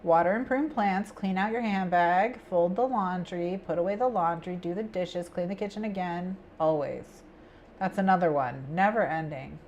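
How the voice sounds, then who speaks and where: Female stream host with a lowish voice, loose and chatty, talks through her plans to viewers. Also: darkish tone, slight background noise. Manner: rambling, thinks aloud, chatty asides to chat. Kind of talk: casual chat with viewers while planning.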